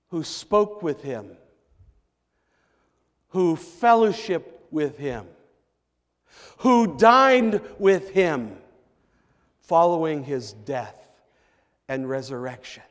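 A slightly high-voiced man, very animated, preaches as a pastor, spinning a story slowly with emphatic rises. The long reverberation of a church sanctuary surrounds him.

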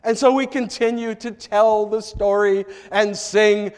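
This male pastor preaches in a sanctuary full of lingering reverb, narrating a story at an easy pace punctuated by emphatic lifts. He has a high voice, fairly even intonation and a clean tone.

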